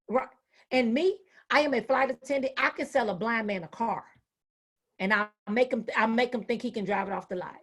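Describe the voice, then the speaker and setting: High-voiced, lively woman educator speaking. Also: brisk. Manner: animated, folksy, acts out quoted voices. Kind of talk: motivational talk.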